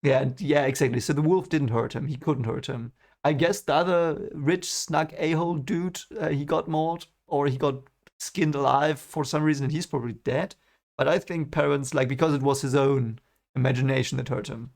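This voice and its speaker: A young man reading a novel aloud and thinking out loud about it in casual commentary, rambling and restarting his sentences. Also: on the high side, fairly even intonation, moderate pace, gravelly. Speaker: book reaction reader. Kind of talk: casual read-along commentary.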